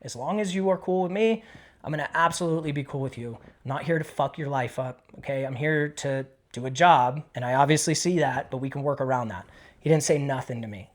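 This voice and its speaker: Brief: middle-aged male ex-cop, interview guest, loose and profane storyteller, medium pitch. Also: a little fast. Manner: casual, profane, animated retelling with quoted dialogue. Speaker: retired police K9 handler.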